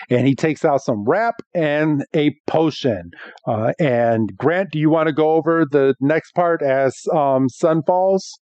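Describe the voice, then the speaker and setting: A man's voice: medium pitch, a little slow, a little mellow, dry recording, lo-fi sound. A man hosting a podcast, casually recapping a cartoon episode with a lot of restarts and acted-out quotes. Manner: rambling, restarts, acts out quotes. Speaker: podcast host.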